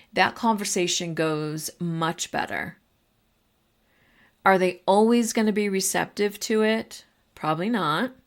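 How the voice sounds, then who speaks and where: A middle-aged woman hosting a podcast for teachers, talking in a casual, encouraging way with fillers and asides. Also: lowish voice. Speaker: podcast host.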